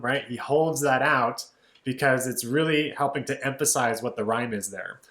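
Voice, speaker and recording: A man's voice: medium pitch, normal speed, reverberant. Male music teacher, casual and explanatory, mid-range voice, speaks lyrics in rhythm. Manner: relaxed, explanatory, says "right?" and "kind of" often, speaks lyrics in rhythm. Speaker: music educator.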